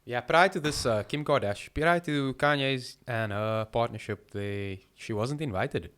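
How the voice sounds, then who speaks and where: A man's voice: mid-range voice, unhurried, fairly bright tone, clean tone. A man co-hosting a podcast, telling stories animatedly between laughs. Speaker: podcast co-host. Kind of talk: casual chat.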